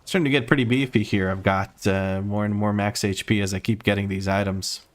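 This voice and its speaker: A man's voice: on the low side, steady tone, a little fast. A man from Croatia with an American accent, casually talking through a video game as a streamer and explaining things as he plays. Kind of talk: casual gameplay commentary.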